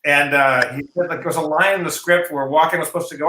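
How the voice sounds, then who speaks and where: Bright, lively man telling stories on a video call. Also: on the high side, fast, hardly any pauses, roomy sound, slight background noise, low-quality recording. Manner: animated storyteller, acts out quoted lines. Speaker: improv comedian. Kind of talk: casual video-call chat.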